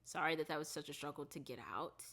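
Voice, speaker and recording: A woman vlogger recapping a TV series in casual, rambling chat, full of fillers and restarts, softening her voice on the sad parts. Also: deep voice, fairly even intonation, quick pace.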